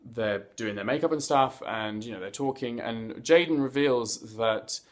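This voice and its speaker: A man of medium pitch hosting a casual review vlog, talking straight to his viewers. He chats in a playful, campy way, full of slangy asides, and now and then he trips over a word before he finds it again. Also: unhurried. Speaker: host of a reality TV review vlog.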